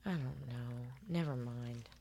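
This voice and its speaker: A woman's voice: extremely low pitch, a little slow, vocal fry, dark tone, slight background noise. A young woman co-hosting a podcast, giggly and self-deprecating in casual chat.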